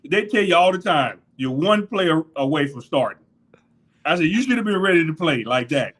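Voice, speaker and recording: A man's voice: high voice, normal speed. A middle-aged man, a former football linebacker, telling locker-room stories in a casual interview, laughing often and acting out what others said. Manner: animated storyteller, laughs often, acts out quotes. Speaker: former NFL linebacker, guest.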